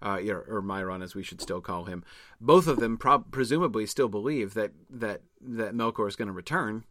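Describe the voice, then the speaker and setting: A man's voice: fairly low pitch, moderate pace, fairly bright tone, dry recording, clean studio sound. A man co-hosting a casual discussion, thinking aloud in long rambling runs full of fillers and restarts. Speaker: podcast co-host.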